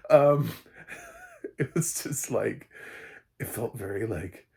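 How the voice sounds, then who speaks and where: A man's voice: medium pitch, sing-song, slow pace, gravelly, mellow, husky. A man giving a casual spoken movie review, rambling, restarting sentences and chuckling often. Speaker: film reviewer.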